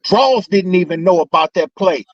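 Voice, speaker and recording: A man's voice: high voice, expressive, normal speed, dry recording. A man co-hosting a podcast in casual chat, laid-back and backing up his partner with street slang. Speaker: podcast co-host. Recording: slightly dull, dry lo-fi sound.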